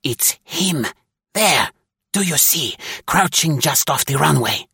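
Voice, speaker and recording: A man reading aloud, putting on a higher, sharp, barking voice for a menacing SS officer. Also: lively intonation, extremely slow, slightly rough, no room sound, studio quality, exaggerated voice. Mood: tense whisper. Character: harsh, menacing male SS officer.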